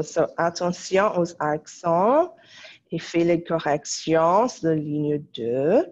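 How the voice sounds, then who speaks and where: A woman's voice: low-pitched, animated, slow pace, a little mellow. A woman French teacher giving a recorded lesson, patiently explaining in English with French phrases. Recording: dull lo-fi recording.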